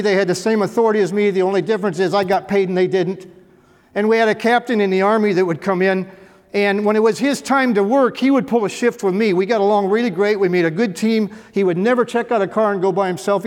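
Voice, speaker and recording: A middle-aged man, a former police officer, telling humorous stories to an audience in a folksy way with dry, self-mocking humor. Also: sits high. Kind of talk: humorous storytelling talk to an audience. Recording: echoey hall reverb.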